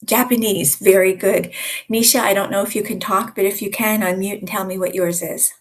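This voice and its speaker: Husky-voiced woman coaching on a video call. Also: mid-range voice, brisk. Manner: lively, conversational teacher who acts out examples. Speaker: communication coach. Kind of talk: live online coaching session.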